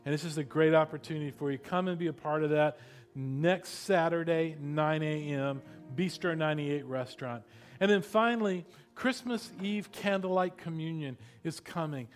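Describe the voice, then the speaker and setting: A man pastor closing a sermon with a soft prayer, then giving upbeat, joking church announcements. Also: a little high, moderate pace, faint music behind.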